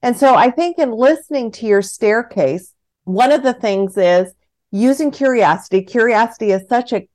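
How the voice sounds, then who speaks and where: A woman's voice: medium pitch, a little mellow. A woman hosting a podcast interview, thinking aloud and searching for her words. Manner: thoughtful, searching for words with restarts. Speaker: podcast host.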